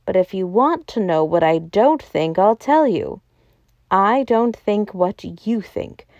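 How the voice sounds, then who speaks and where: A woman voicing a jolly, impatient male doctor in a storybook reading, talking briskly and heartily. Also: medium pitch, animated, a little mellow, dry recording, lo-fi sound. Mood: emphatic.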